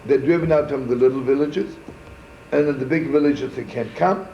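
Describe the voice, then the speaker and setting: A rabbi with a mellow, medium-pitched voice speaks at normal speed, telling a casual, meandering story full of Yiddish words and "right?" asides. The archival room recording is muffled and echoey, with a slight hiss or hum.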